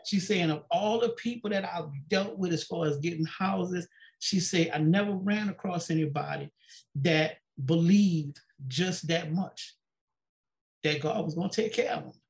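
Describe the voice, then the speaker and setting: A man's voice: high-pitched, measured pace, vocal fry. A pastor telling his personal story in an interview, repeating "she said" and acting out the dialogue. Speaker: pastor and guest. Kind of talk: personal testimony in a sit-down interview.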